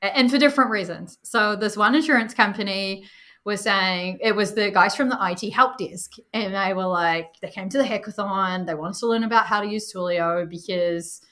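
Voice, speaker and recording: A woman's voice: medium pitch, normal speed, fairly bright tone. A woman, a guest in a casual interview, chatty, laughing easily and talking with many fillers. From New Zealand. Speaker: guest, developer experience lead.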